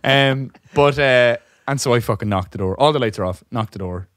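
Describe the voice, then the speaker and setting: A young man co-hosting a podcast tells a long, rambling story in a brisk, medium-pitched, fairly bright voice, swearing often and laughing along the way. The casual storytelling chat is recorded in clean studio sound with no room sound.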